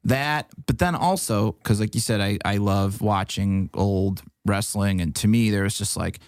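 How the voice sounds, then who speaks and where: Gravelly low-voiced man, rambling chat. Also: moderate pace, no room sound, studio quality. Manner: rambling, swears a lot. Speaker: podcast guest, comedian. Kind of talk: casual chat.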